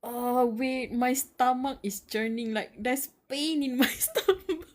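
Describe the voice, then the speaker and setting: Brief Young woman streamer, live-reading a web novel, unhurried pace, jittery and emotional with frequent sighs, casual slang, close-miked breath. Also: sits high. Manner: anxious and emotional, nervous laughs and sighs; slangy, calls viewers bro and dude. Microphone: close mic, audible breathing.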